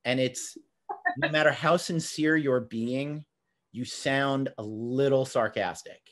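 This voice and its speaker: A man's voice: mid-range voice, fairly bright tone. A middle-aged man with a New Jersey accent, hosting a podcast in casual, jokey conversation. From New Jersey, USA. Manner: chatty, jokey, slips into quick impressions. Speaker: podcast host.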